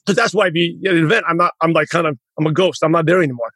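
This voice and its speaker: Podcast host, male, husky and quick, rambling chat. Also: on the high side, fairly bright tone, no echo. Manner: rambling, self-correcting, proud father. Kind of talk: casual interview chat.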